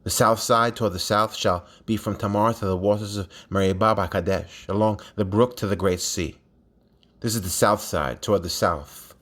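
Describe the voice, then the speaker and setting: A man with a somewhat low voice reads a long scripture passage aloud. He keeps a steady, even reading pace and now and then stumbles and restarts a word. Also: normal speed. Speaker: scripture reader.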